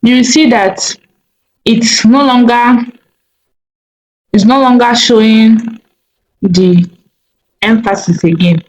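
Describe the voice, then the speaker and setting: Woman doing a slow coding tutorial, lots of ums, faint hiss and clicks behind. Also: on the high side, fairly even intonation, a little mellow, low-quality recording. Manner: slow, thinking aloud with many fillers. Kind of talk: screen-recorded coding tutorial.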